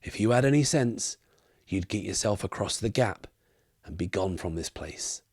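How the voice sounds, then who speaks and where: Old tavern keeper, cautious and weary, low murmured warnings, as a solo game narrator puts him on; very deep, dry sound. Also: male voice, expressive, normal speed, darkish tone, breathy edge, dry recording. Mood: conspiratorial. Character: elderly male barkeep, weary and cautious.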